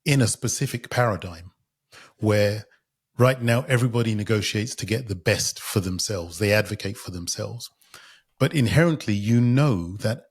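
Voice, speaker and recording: Husky-voiced enthusiastic male host. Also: lowish voice. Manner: enthusiastic, halting restarts. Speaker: podcast host. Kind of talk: conversational podcast interview.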